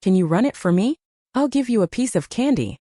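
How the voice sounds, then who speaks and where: A woman voicing a calm, secretive young woman who coaxes a child in a brisk way. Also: mid-range voice, no room sound, studio quality, pitched above the performer's own voice, close to an everyday voice. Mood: coaxing.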